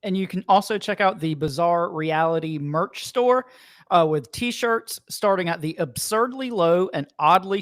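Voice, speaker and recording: A man's voice: high-pitched, a little slow. A man co-hosting a casual podcast, making dry, wry quips. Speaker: podcast co-host. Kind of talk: casual comedic chat.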